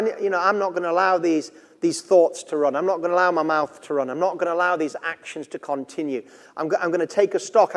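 A preacher with a notably high voice talks earnestly and conversationally, drifting into stories from his own life. His words ring out with a long reverb, as if from a big hall. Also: a little mellow. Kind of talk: sermon.

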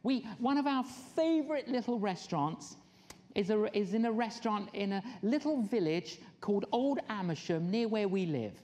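Animated woman preaching. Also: medium pitch, normal speed. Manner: animated storyteller, acts out quoted people with laughs. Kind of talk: sermon storytelling.

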